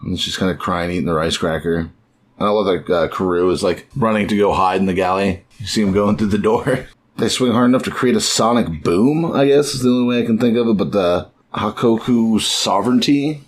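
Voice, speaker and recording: A man's voice: on the low side, fairly quick, a little hiss or hum. A man talking on a podcast as a co-host, easygoing and rambling, now and then acting out quotes. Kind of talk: casual podcast chat.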